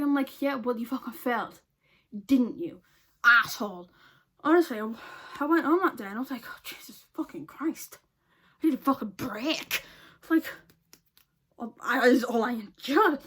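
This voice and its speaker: A woman's voice: a little high, fairly bright tone. A young woman, telling a story casually in a profane, exasperated way. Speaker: vlogger.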